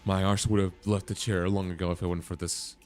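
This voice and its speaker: A man's voice: deep voice, little pitch movement, fast, darkish tone. A man streaming a game, reading its dialogue aloud and breaking off into blunt, swearing reactions. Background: faint game music.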